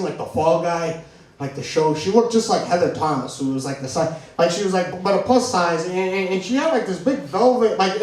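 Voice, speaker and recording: A man's voice: high-pitched, a little mellow. A man from New England doing stand-up, telling a rambling story full of "like" and restarts, laughing at himself. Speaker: stand-up comedian. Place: comedy venue stage. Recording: echoey room heard from far off.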